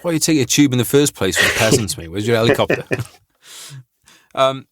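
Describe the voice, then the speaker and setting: Brief: male veteran podcast host, mid pitch, dry close sound, loose sweary laughing banter. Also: expressive, normal speed, a bit bright, no room sound. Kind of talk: casual chat.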